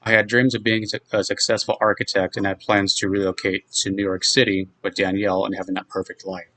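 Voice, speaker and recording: A man in his twenties reading his own personal account in a measured, reflective way. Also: sits low, little pitch movement, pushed and bright, low-quality recording. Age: 20s. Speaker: guest narrator telling his own story.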